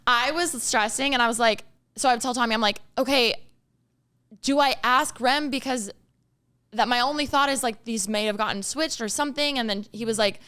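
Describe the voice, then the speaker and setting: Animated young woman telling a story. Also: a little high, normal speed, clear, resonant tone. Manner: animated storytelling, acts out quotes, frequent swearing and laughter. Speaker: podcast co-host. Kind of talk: casual chat.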